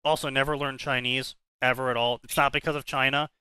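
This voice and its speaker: A man's voice: medium pitch, level tone, brisk, bright, forceful tone, clean tone, no echo. A man co-hosting a podcast, ranting casually and cursing, often repeating his words as he starts a thought. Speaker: podcast co-host. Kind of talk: casual banter.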